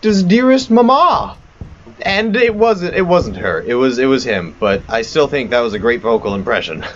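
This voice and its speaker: A man's voice: medium pitch, sing-song, normal speed, lo-fi sound. A man giving rambling, self-mocking let's play commentary on a horror game. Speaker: gamer.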